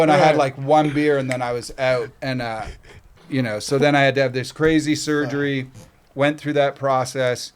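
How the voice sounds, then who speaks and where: A man's voice: medium pitch, fairly quick, slight background noise. A middle-aged man from Canada, a guest telling a casual story with lots of swearing and acted-out quotes. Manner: profane, animated retelling with acted quotes.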